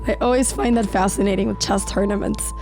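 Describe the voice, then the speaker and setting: A woman narrating her own chess game in a calm, measured voice-over, slightly sick with an occasional crack in her voice. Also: mid-range voice. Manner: calm, measured storytelling of moves. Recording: voice-over with faint background music.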